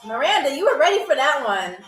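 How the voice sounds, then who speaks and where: A woman's voice: high voice, big pitch swings, fast talker, a bit bright, roomy sound, faint music behind, low-quality recording. A woman hosting a live-streamed trivia game show, chatting playfully with viewers and teasing them as they answer.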